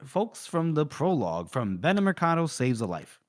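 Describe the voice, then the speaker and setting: A man co-hosting a book podcast, retelling a chapter in an animated, casual way with swearing and laughter. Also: a little high, moderate pace. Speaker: podcast co-host. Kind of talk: casual book-discussion chat.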